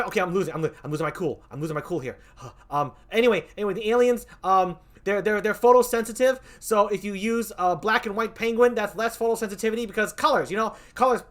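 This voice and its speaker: A man hosting a livestream, doing playful improv game banter with a hammy, animated manner. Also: high-pitched, brisk. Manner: animated, hammy, laughs often. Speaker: stream host.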